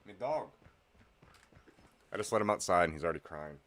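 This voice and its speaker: A man's voice: deep voice, animated, fairly quick, fairly bright tone, slight background noise. A man streaming from home, chatting casually while he games, rambling, swearing, and laughing often. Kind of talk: casual chat while gaming.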